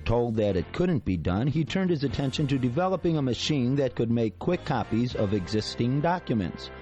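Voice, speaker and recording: A man's voice: mid-range voice, very animated, moderate pace, mellow, highs cut off, faint music behind, close to an everyday voice. A man voicing a parody radio countdown host with a mock announcer delivery. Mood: mock-solemn.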